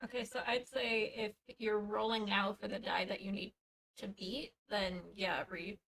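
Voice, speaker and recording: A woman's voice: medium pitch, flat delivery, vocal fry, a bit bright, distant mic, poor audio. A woman in a tabletop game over an online call, rambling casually about the rules. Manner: rambling, quick put-on quotes.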